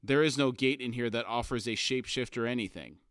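A cool-headed young woman, level and matter-of-fact, read by a man in his own voice. Her words come out plain and unhurried, recorded close and dry. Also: medium pitch, a bit bright, no room sound, natural voice. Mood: calm.

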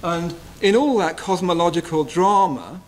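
A man giving a gentle, reflective Buddhist retreat talk, often checking in with his listeners. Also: high voice, moderate pace, a little hiss or hum, low-quality recording. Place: retreat hall.

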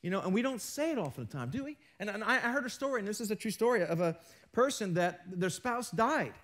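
A man's voice: sits high, expressive, fast talker, a bit bright. A man preaching a live sermon in a church, joking and teasing himself between points and talking with his hands. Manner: joking, self-mocking asides. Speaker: pastor. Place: church sanctuary.

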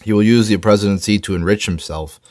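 A man's voice: fairly low pitch, fast talker, darkish tone. A man ranting angrily about politics, swearing often and stumbling over his words with repeated restarts. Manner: profane, stammering, indignant. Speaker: political commentator. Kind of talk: angry political rant.

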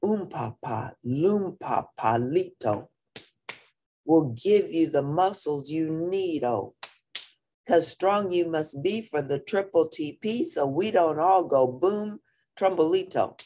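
A woman's voice: low voice, expressive, slow pace, warm tone, a little hiss or hum. A woman voicing a chorus of little Chihuahua dogs chanting a sing-song rhyme. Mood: cheerful.

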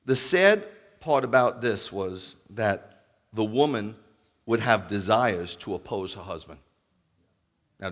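A man in his fifties preaching as a rabbi, telling stories with jokes and acting out the dialogue in an animated sermon. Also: medium pitch. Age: 50s. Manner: animated, jokey, acts out quoted dialogue. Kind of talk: humorous storytelling sermon.

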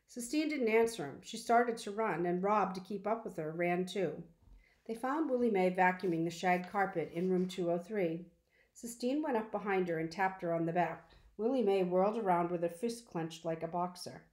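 A woman reads a children's novel aloud in a calm, measured way. Her voice sits on the low side. The recording has a roomy echo. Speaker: audiobook reader.

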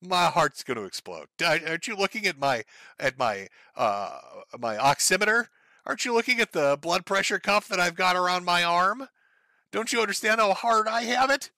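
A whiny heavyset man whimpers and moans about his heart, as a streamer mocks him. The voice is pushed well up in pitch and sounds strained and unlike a natural speaking voice. It is a self-pitying, exaggerated caricature. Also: sing-song, normal speed, pushed and bright, no echo, heavily acted. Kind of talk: mocking impression during a live stream.

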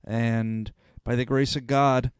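A man's voice: medium pitch, little pitch movement, slow pace, clear, resonant tone, no room sound, clean studio sound. A man chatting casually on a podcast, recalling a shared story with chuckles. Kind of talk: casual chat.

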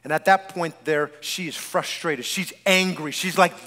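A male pastor delivers an animated sermon, teasing and addressing the congregation directly. His voice sits high and sounds bright and forceful. A long church-hall reverb trails his words. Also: measured pace, few pauses. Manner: animated, joking preacher speaking straight to the congregation. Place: church sanctuary.

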